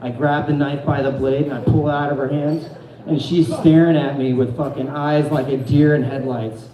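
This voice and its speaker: A man's voice: medium pitch, steady tone, normal speed, dark tone, reverberant, low-quality recording. A young man from Phoenix doing stand-up storytelling, rambling and profane, with a self-deprecating streak, on a comedy club stage. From Phoenix, Arizona.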